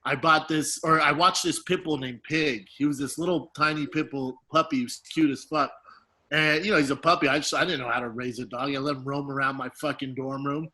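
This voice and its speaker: A man in his late thirties, co-hosting a podcast and telling embarrassing stories in a casual, profane, animated way, laughing as he goes. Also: mid-range voice, fairly quick, rough recording. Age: 30s. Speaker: podcast co-host. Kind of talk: casual storytelling chat.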